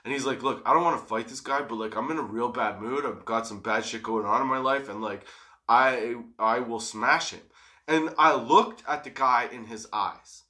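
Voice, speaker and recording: A man's voice: mid-range voice, moderate pace. A young man casually telling a profane story, laughing often. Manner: profane, laughing, animated retelling.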